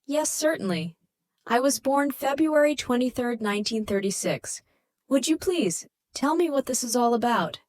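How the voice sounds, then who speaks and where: A woman's voice: on the high side, animated, normal speed, darkish tone, dry recording, voice pushed up, lightly acted. Woman reading a puzzled husband, plain matter-of-fact tone, dry studio sound. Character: calm, then puzzled older husband.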